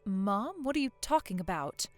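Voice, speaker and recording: A woman voicing a calm, put-upon daughter-in-law in a voiced story drama, patient but exasperated. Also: medium pitch, normal speed, no room sound, faint music behind, natural voice. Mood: puzzled.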